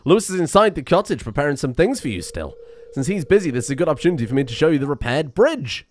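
A man's voice: a little high, very animated, fast, a little mellow. A man voicing a cheerful middle-aged woman carpenter in a video game, in a chatty, matter-of-fact way. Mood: friendly. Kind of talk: voicing game dialogue aloud.

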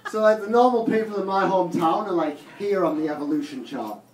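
Speaking briskly in a high voice, a northern English stand-up with a Teesside accent rambles through a profane set on a comedy club stage and laughs at his own jokes. The live club recording sounds roomy, distant, and noisy.

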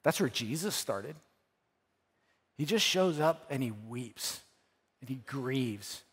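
Earnest slow preacher in a reverberant church. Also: male voice, medium pitch, expressive, breathy edge. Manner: earnest, repeats phrases, swells then drops soft. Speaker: pastor. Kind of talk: sermon. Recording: church hall with long reverb.

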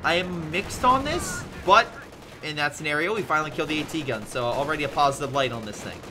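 A man giving chatty, animated play-by-play commentary on a strategy game replay, with lively asides to his viewers. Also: a little high, quick pace, background noise. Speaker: video game replay caster.

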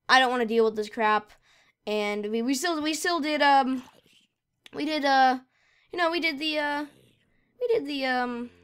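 A woman's voice: sits high, fairly bright tone, clear, resonant tone. A woman casually commenting while she plays a video game, rambling and getting frustrated with lag. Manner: rambling, easily frustrated, talks to herself. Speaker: gamer.

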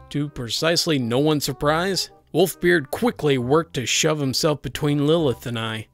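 A woman narrating her own story in a wry, mock-epic, dramatic telling. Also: low voice.

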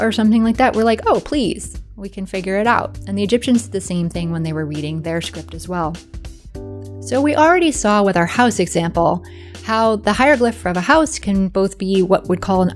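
A woman hosting an educational video, explaining patiently and clearly and often checking in with the viewer. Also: mid-range voice, darkish tone.

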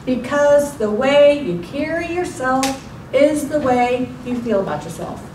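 A woman in her forties delivers a motivational contest speech in a high voice, with a theatrical, emphatic delivery. She is recorded from the back of an echoey club room, so her voice sounds distant. Background noise runs underneath. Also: expressive, a little slow, a little mellow. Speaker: contest speaker. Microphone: far room mic. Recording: echoey room from far off, noisy.

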